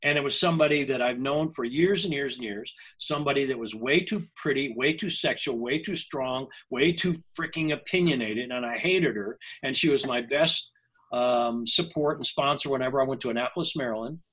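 A man's voice: mid-range voice, brisk, a bit bright, low-quality recording. An older man, a language coach, telling a personal story in an interview, earnest and often breaking off and restarting his sentences.

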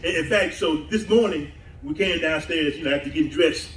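A man's voice: a little high, fairly quick, a bit bright, a little hiss or hum. A man preaching a sermon as pastor, laughing often and drawing call-and-response from the congregation. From southern United States. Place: church sanctuary. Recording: echoey church hall mic from a distance.

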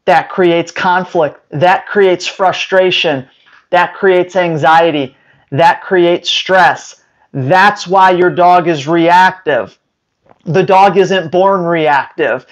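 A man giving dog training advice straight to his viewers in an emphatic way, now and then acting out owners and dogs. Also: high-pitched. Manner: emphatic, acts out owners and dogs in quick voices. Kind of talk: direct-to-camera training advice.

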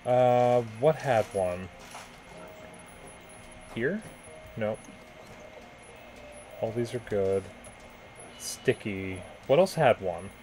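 A young man playing a game on stream, muttering his way through puzzles. His pitch bounces around animatedly. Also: animated, drawn-out words, pauses often, a little mellow, a little hiss or hum, low-quality recording. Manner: muttering, thinking aloud. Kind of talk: casual gameplay chat.

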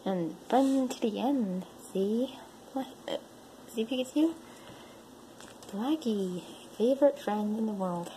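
A woman's voice: fairly high pitch, takes it slowly, long pauses, dark tone, slight background noise, low-quality recording. A woman filming her cats at home, coaxing one of them with sing-song calls. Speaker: cat owner filming her pets. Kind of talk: casual home video.

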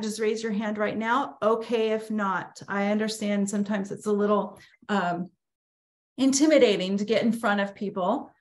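A woman leading an online prayer meeting, speaking in an encouraging, faith-filled way with many fillers over a video call. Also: medium pitch.

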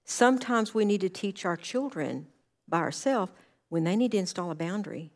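A woman with a slightly low voice speaks from the church platform as a counselor. She is earnest and conversational, and she tells stories from her counseling work, slipping into the voices of the people in them. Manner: earnest, anecdotal, acts out quoted dialogue. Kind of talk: conversational sermon talk.

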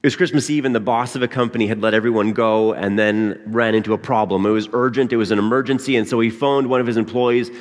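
A man's voice: medium pitch, fairly even intonation, quick pace, hardly any pauses. Man preaching in a reverberant church. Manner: conversational, with frequent uh and um. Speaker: pastor. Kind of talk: sermon. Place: church sanctuary.

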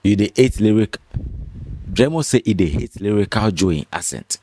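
A man, excitedly commenting on a diss track and breaking into laughs and exclamations. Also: lowish voice, normal speed, a little hiss or hum. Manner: excitable, pidgin-laced, laughing interjections. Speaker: reaction host. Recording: rap track playing loudly behind.

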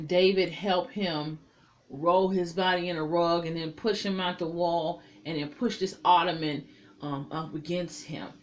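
A woman recapping a TV episode in a casual, animated way, swearing often and talking back to the characters. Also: on the low side, slight background noise. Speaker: TV episode reviewer.

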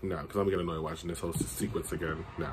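Chatty opinionated man, lowish voice. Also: level tone, rapid-fire, heavy background noise. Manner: chatty and opinionated, swearing, bursts of exclamation. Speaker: YouTube reaction host. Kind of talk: casual reaction commentary.

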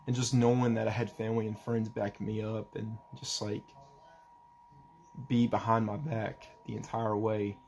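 A young man talking in a personal vlog, halting and emotional as he tries not to cry, with a faint hiss behind him. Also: on the low side, little pitch movement, creaky, a little mellow. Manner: halting, emotional, restarts often. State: holding back tears. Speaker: vlogger.

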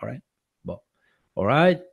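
A man who makes documentaries, giving a personal account in a presentation in halting, non-native English full of restarts and repeated words. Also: mid-range voice, big pitch swings, creaky, slightly rough, no echo. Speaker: documentary filmmaker presenting his work.

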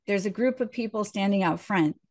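A woman's voice: mid-range voice, a little fast, a little mellow. Woman minister telling a personal story. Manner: conversational, acts out the voices in her story.

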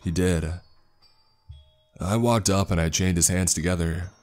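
A deep, low-pitched man narrating a scripted horror story. He reads steadily and matter-of-factly, with faint music playing softly underneath. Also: a little slow.

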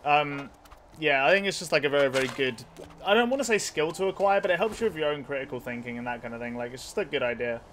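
A man's voice: fairly high pitch, lively intonation, fast talker, a bit bright, slight background noise. A young man with a nasal voice streaming a video game, chatting casually with his chat, swearing freely and rambling while he plays. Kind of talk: casual let's play commentary with chat.

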